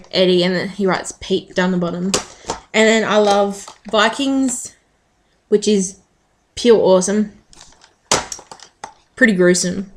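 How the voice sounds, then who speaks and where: A woman's voice: medium pitch, slight background noise. A woman chatting casually to the camera in a rambling way with frequent ums. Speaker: vlogger.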